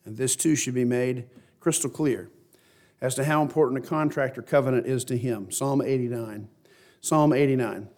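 A middle-aged man giving a sermon as pastor, reading scripture and explaining it earnestly, slowing and lifting his voice for emphasis. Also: mid-range voice, a little mellow. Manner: earnest preaching, slows and rises to stress scripture.

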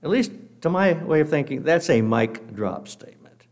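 Man preaching with lively pitch. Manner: measured, earnest, reads scripture slowly; guest speaker addressing a congregation. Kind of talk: sermon.

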